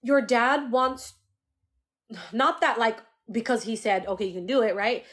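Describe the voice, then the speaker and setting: Slangy woman psychic medium, slightly high voice. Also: unhurried, fairly bright tone. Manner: slangy, swears freely, talks straight to the viewer; emotional, laughs often while reading. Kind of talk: live-stream spirit reading, casual chat. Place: indoors, live stream.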